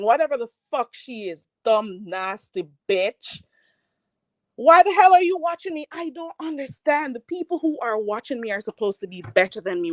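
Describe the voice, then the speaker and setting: A woman's voice: a little high, fairly bright tone, no echo. A woman hosting a commentary channel, ranting in a heated, mocking and profane way. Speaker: YouTube commentary host.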